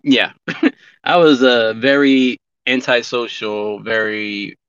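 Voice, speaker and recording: Bright-voiced man chatting on lo-fi audio. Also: mid-range voice, fairly even intonation, takes it slowly, smooth, dry recording. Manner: candid, profane, rambling with many restarts. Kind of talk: casual chat. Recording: dull lo-fi recording.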